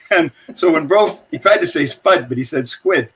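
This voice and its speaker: A man's voice: fairly high pitch, expressive, moderate pace, fairly bright tone, husky. An older man, a former pro hockey player and coach, telling casual anecdotes and chuckling between them. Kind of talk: casual storytelling.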